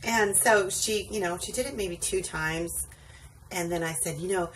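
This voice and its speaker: A woman's voice: fairly low pitch, normal speed, creaky. A woman rideshare driver telling a rambling story in a casual vlog, full of ums and asides, tired late at night. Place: indoors at home, sitting on a wobbly stool. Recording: distant mic with faint background noise.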